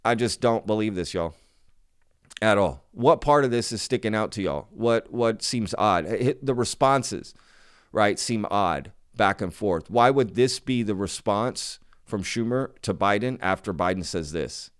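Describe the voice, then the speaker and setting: A man's voice: lowish voice, expressive, unhurried, smooth. A man hosting his own channel, talking casually to viewers in an emphatic, skeptical way and often repeating himself. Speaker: channel host.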